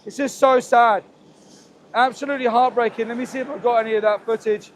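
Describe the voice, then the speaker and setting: A man with a strikingly high voice speaks urgently and emotionally on an outdoor livestream, repeating his pleas again and again. Faint traffic and ambience hum behind him as he talks into a handheld phone. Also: fairly even intonation, a little fast. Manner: pleading, repetitive, emotional. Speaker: activist livestream host. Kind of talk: impassioned live street commentary. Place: outdoors near a slaughterhouse.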